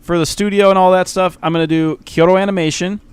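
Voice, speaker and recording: A man's voice: high-pitched, steady tone, fast talker, clear, resonant tone, dry recording. A man rambling in casual podcast chat as a host, hesitant and self-deprecating, often breaking into laughs.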